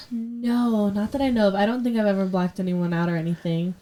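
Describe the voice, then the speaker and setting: A young adult woman, a martial arts fighter, telling stories in a relaxed, matter-of-fact way as a podcast guest. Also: medium pitch, fairly quick. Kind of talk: casual interview chat.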